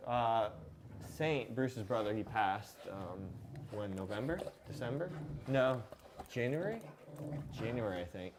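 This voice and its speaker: Man, 30s, live-stream host, relaxed and rambling, faint hiss in the background. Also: medium pitch, measured pace. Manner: relaxed, rambling, reads viewer questions aloud. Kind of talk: casual live-stream chat.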